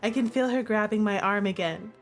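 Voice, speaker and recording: A young woman reading a dating-sim game aloud and reacting with excited, gushing commentary. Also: a little fast, soft background music. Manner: excitable and gushing, with big pitch jumps. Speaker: streamer playing a dating sim.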